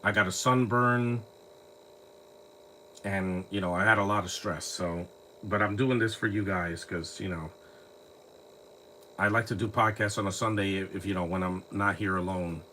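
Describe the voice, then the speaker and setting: A man's voice: low voice, fairly even intonation, normal speed, pauses often, bright, forceful tone, a little hiss or hum. A man casually rambling through a live movie commentary, full of restarts and fillers, recorded on a phone at home. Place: home, lives near trees.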